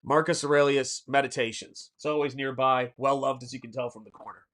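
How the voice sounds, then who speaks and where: A man with a Southern American accent chats casually on a livestream from his home art studio. He rambles and restarts, filling gaps with ums while reading viewer messages aloud. His voice sits at an ordinary middle pitch. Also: steady tone, a little fast, a bit bright. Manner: rambling, reads chat aloud, many fillers and restarts. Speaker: artist and livestream host.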